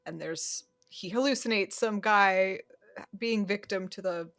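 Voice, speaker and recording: A woman co-hosting a podcast talks through a film in a loose, chatty recap, her voice sitting at an ordinary middle pitch. She laughs easily and stalls on small fillers as she retells scenes. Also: unhurried, fairly bright tone. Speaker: podcast co-host. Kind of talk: casual chat recapping a horror film.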